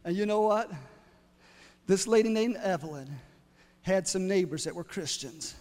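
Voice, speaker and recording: A male preacher telling a story in a sermon, building to loud exclamations. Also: high voice, lively intonation, normal speed, big-room sound.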